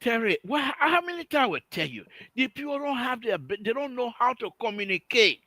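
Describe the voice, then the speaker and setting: A man hosting a call-in radio show, teasing and animated, laughing often. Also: very high-pitched, a little fast, no echo. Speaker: radio talk show host. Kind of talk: casual call-in radio banter. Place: radio studio.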